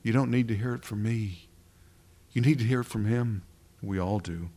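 A man's voice: fairly low pitch, mellow. Man preaching a dramatic sermon. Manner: dramatic preaching, slows down for emphasis, drops to a whisper at times. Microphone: microphone at a pulpit.

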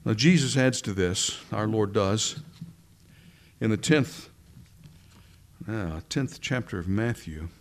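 A man's voice: lowish voice, takes it slowly, long pauses. Man preaching a conversational sermon. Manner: conversational teaching with rhetorical questions.

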